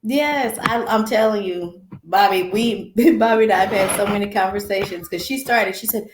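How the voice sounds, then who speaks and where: A woman's voice: medium pitch, normal speed, noisy background. Chatty woman guest in an echoey room. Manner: chatty, storytelling. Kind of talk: casual chat. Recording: roomy echo.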